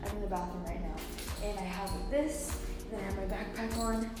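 A woman's voice: medium pitch, steady tone, a little fast, loud music behind the voice. Chatty teenage girl vlogging from her car. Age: teens. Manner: chatty, rambling, full of filler "like". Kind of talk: casual vlog chat. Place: inside a car.

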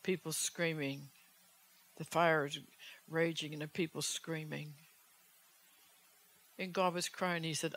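A woman's voice: low-pitched, fairly even intonation, takes it slowly, long pauses, a bit bright. Urgent woman evangelist preaching. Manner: urgent, fervent, many rhetorical questions. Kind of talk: sermon.

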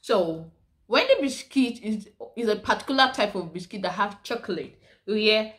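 A woman's voice: mid-range voice, very animated, normal speed, fairly bright tone. Chatty Nigerian-accented woman vlogger. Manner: chatty, full of rhetorical questions. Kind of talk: casual chat to camera.

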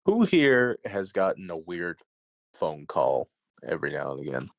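A man hosting a casual podcast chat, relaxed and quick to laugh. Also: low-pitched, vocal fry, no room sound. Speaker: podcast host.

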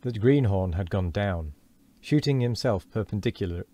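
Streamer, male, low voice, earnest read-aloud of a classic novel with frequent restarts. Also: expressive, normal speed, mellow. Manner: earnest reading with frequent stumbles and self-corrections.

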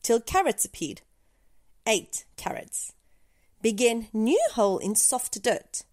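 A woman reads a children's picture book aloud at an unhurried pace. Her voice sweeps high and low, playful and expressive, with deliberate pauses between short phrases. It is a clear bedtime storytelling read.

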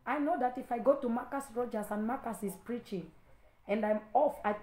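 Woman preacher, higher-pitched, repetitive exhortation and firm warnings; echoey room. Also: brisk. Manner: exhorting, repetitive, rising to stern loud warnings. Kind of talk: impassioned online sermon.

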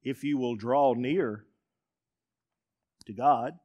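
A man, a pastor preaching a sermon to a congregation in a church, emphatic and building to shouts. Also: mid-range voice, steady tone, slow pace, lo-fi sound. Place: church sanctuary before a congregation.

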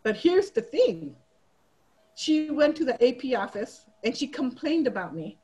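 Female educator, middle-aged, higher-pitched, animated storyteller for a teacher training session. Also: a little slow, husky, low-quality recording. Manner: animated, acts out students' voices in quotes. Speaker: teacher giving a training talk. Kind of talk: storytelling presentation.

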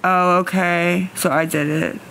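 Woman, live-stream chat, anxious pleading tone, rambling, repeats herself, bright sharp voice. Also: on the low side, fairly even intonation, unhurried, slight background noise. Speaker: livestreamer asking viewers for money. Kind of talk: casual live-stream chat, answering viewer comments.

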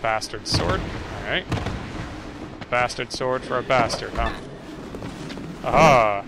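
A man giving casual gameplay commentary, swearing and talking back to the game, with loud game noise behind him. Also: medium pitch, slow. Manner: profane, excitable, talking to the game. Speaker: let's play gamer.

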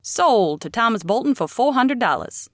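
A woman voicing a loud male auctioneer calling out bids at a ranch auction, in a dry recording. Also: sing-song, no room sound. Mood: hearty, calling bids. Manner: booming, drawn-out calling of bids.

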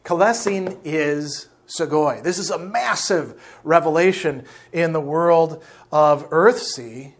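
A male lecturer reads passages from a novel and explains them. He talks in a fairly high register, and his explanations come with fillers and quick self-corrections. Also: breathy edge. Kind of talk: reading and analyzing a novel.

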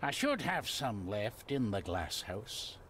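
A man with a Scottish accent playing a gruff, secretive gardener who clings to the old ways, speaking slowly and guardedly. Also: on the low side, sing-song, a bit bright, slight background noise, exaggerated voice. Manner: slow, guarded, dialect-heavy. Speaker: game character.

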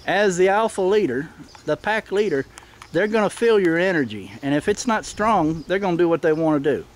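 A middle-aged man, filming himself outdoors in a backyard and explaining things plainly in a firm voice that turns sharp when he barks commands. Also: high voice, lively intonation, normal speed, a little hiss or hum. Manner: plain-spoken, firm commands with sudden sharp shouts at the dogs. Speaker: dog owner filming his own pack. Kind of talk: casual instructional narration. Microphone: handheld camera mic.

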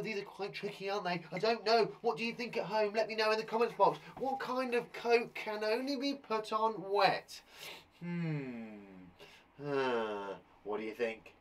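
Guy teaching kids online, chatty and hammy, bit of a higher voice. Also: moderate pace. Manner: playful, theatrical reactions, chatty to children. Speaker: primary school teacher. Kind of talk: live online lesson for kids.

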